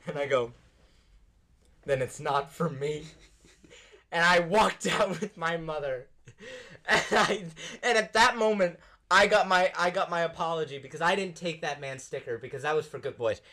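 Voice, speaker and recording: A young man hosting a podcast, telling a story in a casual, animated way and laughing often. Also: fairly high pitch, normal speed. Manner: animated, laughing often, acts out quoted voices. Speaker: podcast host. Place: podcast studio.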